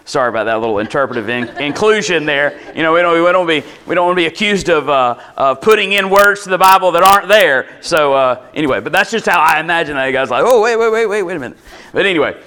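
A man gives a sermon in a chatty, easygoing manner, his voice sitting a little high for a man. He breaks off now and then for relaxed asides between passages. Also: quick pace, few pauses, smooth. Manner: casual, conversational preaching with asides. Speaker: pastor.

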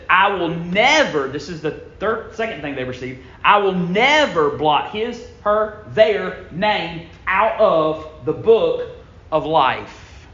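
A man preaching a sermon in a church, emphatic, swinging from loud bursts down to low, quiet lines. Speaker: pastor. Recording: echoey room, dull lo-fi sound.

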